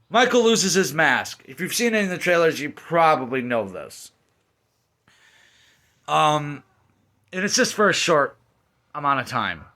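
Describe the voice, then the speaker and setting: A man ranting through a movie review, heated and profane, with a slightly high, forceful, tense voice. He swings between loud outbursts and muttered asides. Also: sing-song, measured pace, long pauses. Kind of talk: angry film review rant.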